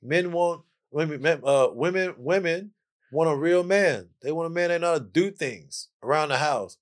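A man's voice: on the high side, moderate pace. A man guest on a casual podcast, playfully lecturing his listeners and repeating phrases for emphasis. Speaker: podcast guest, jazz musician.

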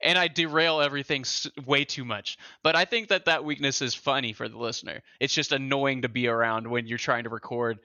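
A man's voice: mid-range voice, fairly even intonation, fairly quick, hardly any pauses, bright, forceful tone, dry recording. A young man co-hosting a podcast in casual chat, talkative and swearing freely as he rambles through stories. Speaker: podcast co-host. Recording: dry, slightly dull lo-fi sound.

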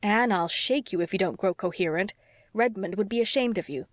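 A woman reading the part of a patient young male doctor, calm, measured and wry. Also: mid-range voice, dry recording, studio quality, natural voice.

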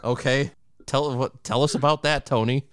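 A man's voice: mid-range voice, normal speed, clear, resonant tone, no echo. A man hosting a podcast, chatting casually and joking, with frequent laughs. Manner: animated, laughs often, joking. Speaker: podcast host.

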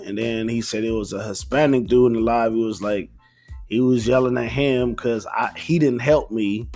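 A man's voice: medium pitch, steady tone, moderate pace, a little mellow, faint music behind. A young man telling a rambling story in a casual monologue, slangy and profane, laid-back.

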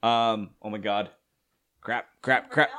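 Man, podcast co-host, bright tense tone, excited rambling casual chat. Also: fairly low pitch, takes it slowly, smooth. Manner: excited, rambling, trails off mid-sentence.

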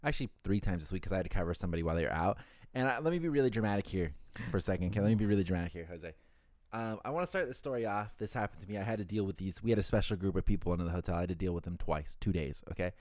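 A man's voice: expressive, rapid-fire, a little mellow, dry recording. Crude joking young man on a podcast. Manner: joking, crude, acts out dialogue in higher voices. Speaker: podcast co-host. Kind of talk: casual chat.

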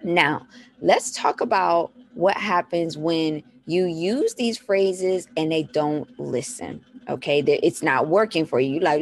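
A woman, a mother, giving parenting advice in a casual, animated way, repeating short phrases and acting out a toddler's thoughts. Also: on the low side, takes it slowly. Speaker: mom giving parenting tips. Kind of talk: casual talk to camera.

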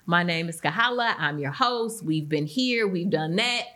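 A middle-aged woman hosting a podcast, chatting warmly with her guest and acting out the voices in her own stories with lively swings in pitch. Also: moderate pace. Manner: animated storyteller, acts out quoted voices. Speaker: podcast host. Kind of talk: casual interview chat.

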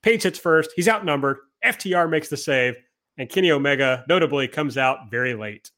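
A man's voice: fairly high pitch, animated, moderate pace, fairly bright tone. Chatty man hosting a podcast. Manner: chatty, reads from notes, self-deprecating. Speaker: podcast host. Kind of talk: casual chat, recapping wrestling.

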